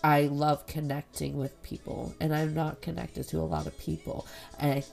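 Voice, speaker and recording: A woman's voice: deep voice, fairly even intonation, normal speed, gravelly, a little mellow, faint music behind. A young woman hosting a solo podcast, talking candidly and rambling, swearing often. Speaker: podcast host. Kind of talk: casual solo podcast chat.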